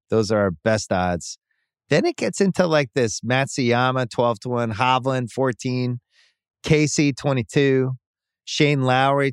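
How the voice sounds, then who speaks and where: A man's voice: medium pitch, smooth, dry recording. Male sports podcast host, wry banter, resonant voice recorded dry. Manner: wry, reels off betting odds quickly. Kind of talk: casual sports chat.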